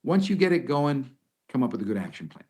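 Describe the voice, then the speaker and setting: A man's voice: mid-range voice, fast, slightly rough. A middle-aged man talking as an expert guest, giving conversational advice and acting out example lines as he goes. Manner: animated, restarts sentences, acts out example lines. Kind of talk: conversational advice in a podcast interview.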